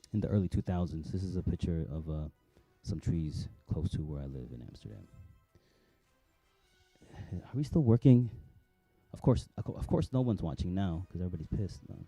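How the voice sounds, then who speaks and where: A man's voice: deep voice, sing-song, moderate pace, mellow, slightly rough, no echo, soft background music. A middle-aged man from New Jersey hosting a vlog, chatty and self-mocking, rambling with many restarts. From New Jersey, USA. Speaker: vlog host. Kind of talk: casual rambling vlog talk.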